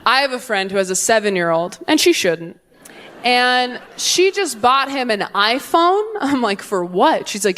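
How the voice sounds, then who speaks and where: A woman's voice: sits high, lively intonation, a little slow, a bit bright, slight background noise. A woman performing a stand-up comedy set on stage, with a punchy, sardonic delivery that acts out the voices she quotes. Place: comedy stage before a live audience.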